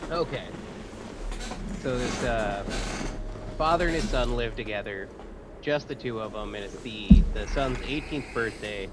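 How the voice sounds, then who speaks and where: An easygoing man tells a crude joke to a friend in a halting, casual way. His voice comes through a mic with clear background noise. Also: mid-range voice. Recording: noisy mic.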